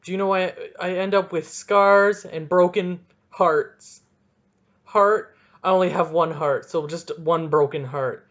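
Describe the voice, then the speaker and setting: A man's voice: sits high, steady tone, a little slow, a bit bright, lo-fi sound. A young man hosting a solo podcast, ranting and rambling with goofy, self-mocking asides. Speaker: podcast host.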